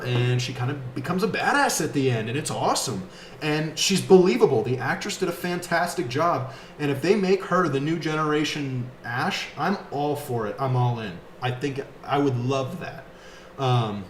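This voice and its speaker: A man giving a casual, enthusiastic video review of a film, talking like an excited fan. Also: medium pitch, echoey room, a little hiss or hum. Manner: enthusiastic, animated fan talk with fillers.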